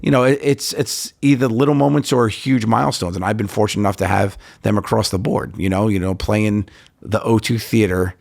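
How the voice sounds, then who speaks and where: A middle-aged comedian guest in a casual podcast interview, animated and storytelling, quoting himself and others. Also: male voice, lowish voice, brisk, gravelly, no room sound, clean studio sound. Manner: animated storyteller, quotes himself and others, frequent "like" and "you know".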